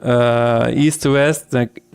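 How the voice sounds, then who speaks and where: A man chats casually while he works, often breaking into laughter. His voice is smooth and clear, at a middle pitch for a man. Faint music plays behind him. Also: steady tone, slow, darkish tone. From Austria. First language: German. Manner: chatty, laughs often, reads chat aloud. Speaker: game developer streamer. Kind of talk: casual livestream chat.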